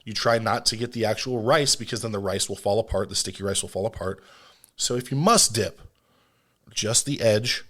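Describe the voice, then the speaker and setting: A man with a lowish voice hosts a solo podcast and talks straight to the listener. His delivery is emphatic, and he slips in firm, scolding asides as he lays out his points. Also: normal speed, fairly bright tone. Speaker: podcast host.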